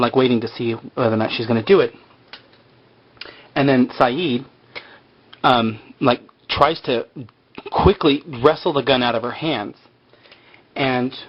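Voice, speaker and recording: Male podcast host, casual rambling recap, jokey, mid-pitch voice, muffled lo-fi sound. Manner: joking, rambling, full of fillers.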